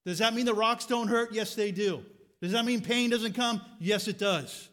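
A man with a high-pitched voice preaching a sermon to his congregation. He asks rhetorical questions with rising fervor and at times drops to a quiet, reflective tone. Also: moderate pace. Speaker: pastor.

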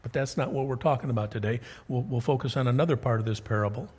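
A man's voice: mid-range voice, fast, a little mellow, slightly rough. A man preaching a sermon as pastor, folksy and conversational, asking his listeners rhetorical questions.

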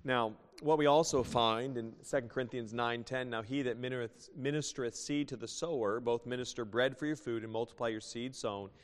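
A man's voice: mid-range voice, fairly even intonation, fairly quick, hardly any pauses, long reverb tail. A man preaching a sermon in a folksy way, reading scripture aloud and telling a joke story. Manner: folksy, reads scripture aloud and tells jokes.

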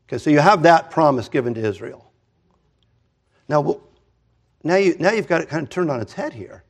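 A pastor in his fifties preaching a conversational sermon, animated and full of restarts and asides. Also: a little high.

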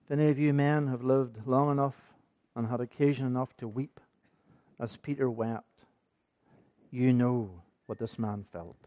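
A man's voice: mid-range voice, steady tone, measured pace, phone-quality sound. A man preaching a sermon in a church, earnest and building in force, often repeating his phrases. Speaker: pastor.

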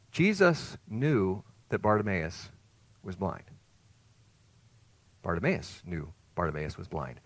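A man preaching a sermon as pastor, earnest and emphatic, rising to loud peaks and dropping to soft, hushed phrases. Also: on the low side, dry recording.

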